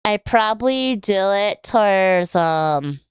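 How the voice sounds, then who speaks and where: Slow, smooth-voiced woman streamer. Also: medium pitch, animated, no room sound, studio quality. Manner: rambling, joking, swears casually. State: scratchy throat. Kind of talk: casual reaction stream chat.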